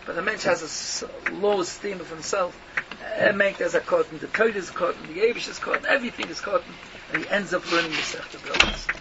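A high-pitched man talks fast, delivering an emphatic yeshiva-style Torah lecture as a rabbi, firing off rhetorical questions and mixing in Yiddish and Hebrew terms. The recording is muffled and lo-fi, with noticeable background noise.

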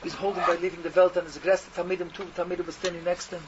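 A man's voice: high-pitched, racing. A man telling a Hasidic tale in a rambling, repetitive way. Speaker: storyteller. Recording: dull recording with steady noise.

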